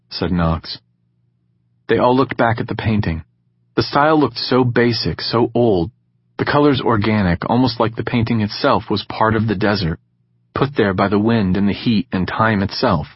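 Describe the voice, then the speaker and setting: A man narrating an audiobook in a calm, measured reading style. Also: lowish voice, slightly rough, no room sound, dull audio. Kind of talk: scripted narration.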